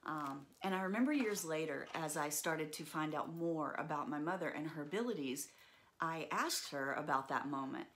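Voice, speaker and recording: A woman with a notably low voice recounts a personal story. She talks in an earnest, reflective way, pausing often with fillers. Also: fairly bright tone, slight background noise.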